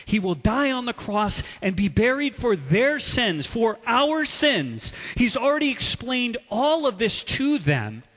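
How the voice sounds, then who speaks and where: A man preaching a sermon, swinging from loud, urgent passages to hushed, quiet asides. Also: extremely high pitch, sing-song, unhurried, few pauses, big-room sound. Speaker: pastor.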